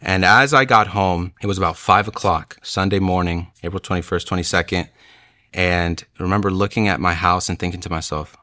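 A man's voice: sits low, pushed and bright, no room sound. A young man earnestly telling his personal conversion testimony in a casual storytelling way, with frequent fillers. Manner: earnest, emotional, with frequent "you know" fillers. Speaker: speaker sharing a conversion testimony.

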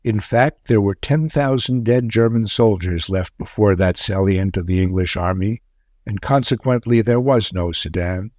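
A man narrating a wartime tale in a measured, grave storytelling manner. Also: lowish voice, darkish tone, no room sound, clean studio sound.

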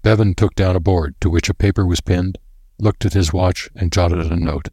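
A man reads a story aloud in a measured, steady manner. His voice is deep with a husky grain, and the recording is dry and close with no room sound. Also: dry recording. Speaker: narrator. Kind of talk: scripted narration.

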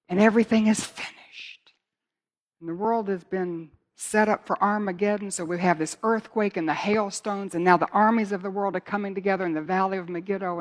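A middle-aged woman preaching a sermon, moving from hushed, slow phrases to loud, fervent reading of scripture. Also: on the low side.

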